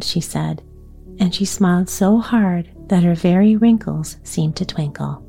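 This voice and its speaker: A woman reading a bedtime story aloud in a gentle, soothing way. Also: lowish voice, fairly even intonation, normal speed, faint music behind.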